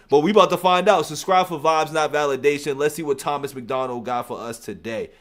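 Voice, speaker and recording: Reaction host, male, fairly high voice, emphatic and profane, loves to repeat himself. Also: brisk, hardly any pauses, a bit bright. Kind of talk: casual music reaction commentary.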